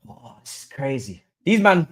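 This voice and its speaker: A young man hosting a live football watch-along, swinging between low murmurs and excited chanting. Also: normal speed. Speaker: livestream host.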